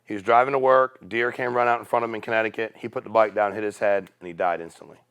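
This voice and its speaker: A man's voice: fairly low pitch, quick pace, clean tone. A middle-aged man telling stories casually to a business meeting, acting out the people in them. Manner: casual, animated storyteller acting out quoted voices. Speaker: company CEO speaking at a sales meeting. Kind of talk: storytelling talk to a business audience.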